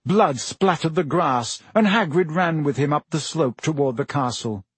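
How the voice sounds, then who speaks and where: A man narrates an audiobook with an expressive storytelling delivery. His voice sits a little high and has a husky grain. The recording is dry and close. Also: moderate pace, no room sound. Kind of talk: audiobook reading.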